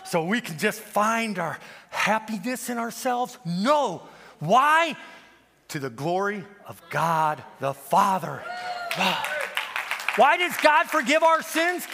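A man preaching a fiery sermon, firing rhetorical questions and quoting scripture, swinging from loud to hushed. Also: high voice, big pitch swings, takes it slowly, gravelly. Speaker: guest preacher.

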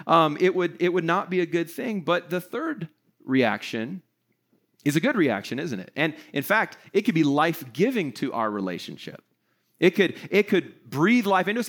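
A man's voice: fairly high pitch, a bit bright. A middle-aged man preaching a casual sermon to an online audience, chatty and self-deprecating, acting out little scenes along the way. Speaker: pastor.

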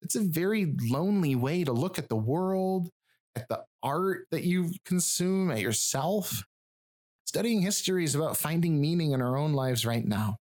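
A man's voice: fairly high pitch, lively intonation, moderate pace, darkish tone. A man from rural Michigan who drops his final G's and D's, hosting a podcast in wry, swearing, self-mocking casual chat. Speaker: podcast host and researcher.

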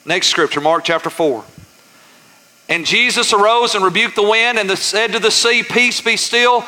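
Brief: male pastor, bright high voice, call-and-response preaching, long church-hall reverb. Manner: folksy, says y'all. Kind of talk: sermon.

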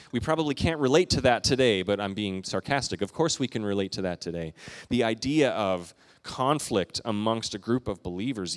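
A middle-aged man giving a sermon as a pastor, earnest and conversational, lifting his voice for emphasis. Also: fairly low pitch.

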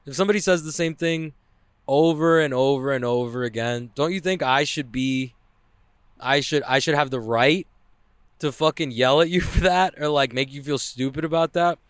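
Smooth-voiced young man ranting casually. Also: on the high side, normal speed, no room sound, clean studio sound. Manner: profane, loose, lots of "like" fillers. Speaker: vlogger. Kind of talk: casual rambling rant.

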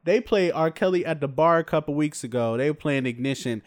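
A man's voice: fairly high pitch, fairly quick. Blunt, profane young man ranting. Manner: blunt, profane, animated storytelling. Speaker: vlogger. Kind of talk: casual opinion rant to camera.

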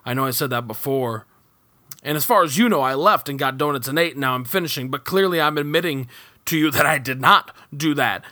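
A man's voice: medium pitch, fairly quick, sharp tone, no echo. A man hosting a podcast alone from his home kitchen setup, rambling and self-mocking with casual profanity. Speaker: podcast host. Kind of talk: solo rambling podcast aside.

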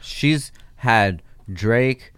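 Animated podcast host, smooth voice. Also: male voice, medium pitch, no room sound, clean studio sound. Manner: animated, joking, quick reactions. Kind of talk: casual chat.

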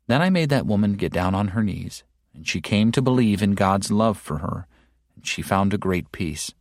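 A man delivering a sermon in a slow, deliberate and emphatic way, with stern rebuking asides. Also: fairly low pitch, animated, no room sound, studio quality. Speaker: preacher. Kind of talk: sermon read aloud.

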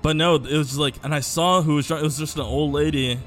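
A man's voice: fairly high pitch, fairly even intonation, quick pace. A young man co-hosting a podcast, telling a long story in casual chat, rambling with lots of fillers and swearing. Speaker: podcast co-host.

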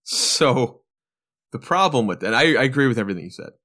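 A man in a casual podcast chat, speaking at a middle pitch. He counts off his points one by one and talks with enthusiasm. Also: very animated, a little fast, sharp tone. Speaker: podcast co-host. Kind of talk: casual film review chat.

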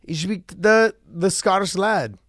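A man hosting a podcast in casual chat, excitable, swearing freely and breaking into loud outbursts. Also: high voice, measured pace. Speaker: podcast host.

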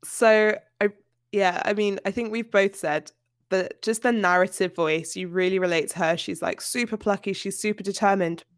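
A chatty woman co-hosts a casual book podcast. She talks in an animated way and laughs often. Her voice sits at a middle pitch and sounds dry and close. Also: normal speed, no echo. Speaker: podcast co-host.

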